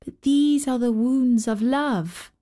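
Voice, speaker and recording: A woman voicing a gentle little boy in a soft, calm way. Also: sits high, slow pace. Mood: serene.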